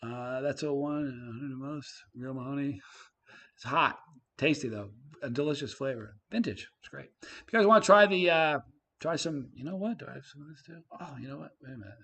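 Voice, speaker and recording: A man hosting a casual live stream, reading viewer comments aloud, his voice swinging from loud to quiet. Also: medium pitch, brisk. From Canada.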